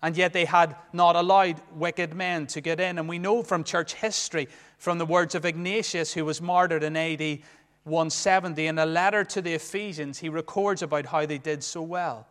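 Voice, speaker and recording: A man preaching from the pulpit, his voice sitting high for a man. He swings between booming declarations and quiet, hushed asides. A long church reverb trails every phrase. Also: fairly even intonation, moderate pace. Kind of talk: sermon. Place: church sanctuary.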